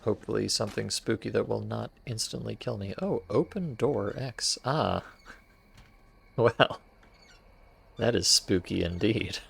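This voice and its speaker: A male streamer with a gravelly, husky voice and a fairly low pitch. He talks casually to his chat while exploring, with a wry, playful edge. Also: measured pace, a bit bright. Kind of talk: casual gameplay commentary.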